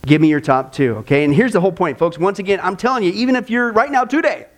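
A man preaching a sermon to a live audience, telling personal stories in an animated way and acting out other people's voices. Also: high-pitched, fast. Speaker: pastor.

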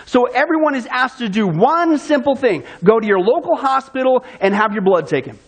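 High-voiced preacher asking rhetorical questions. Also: male voice, expressive, moderate pace, slightly rough. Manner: rhetorical questions, then answering them himself; storytelling, draws the listener into a scenario. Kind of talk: sermon.

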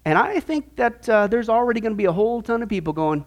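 A man's voice: very high-pitched, lively intonation, fast talker, hardly any pauses. A man preaching a sermon-style Bible lesson, emphatic and sarcastic, full of rhetorical questions.

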